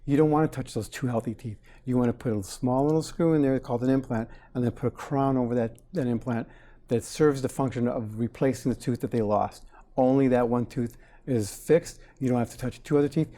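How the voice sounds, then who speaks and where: Mellow dentist guy in his 40s, chatty, acts out what his patients said. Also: mid-range voice, fairly quick. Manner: animated storyteller, acts out quotes. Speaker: dentist guest. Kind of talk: casual interview talk.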